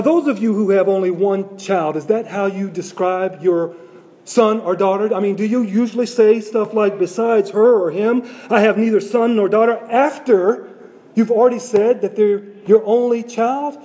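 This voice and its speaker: A man delivers a sermon in a high, mellow voice. He repeats key phrases for emphasis and poses rhetorical questions to his listeners. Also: measured pace. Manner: repetitive, rhetorical questions to congregation. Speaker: preacher.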